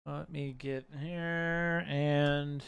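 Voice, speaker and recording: A man hosting a casual livestream giveaway, calling out winners' names loudly and joking between them. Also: a little high, little pitch movement, extremely slow, creaky, clear, resonant tone, no echo.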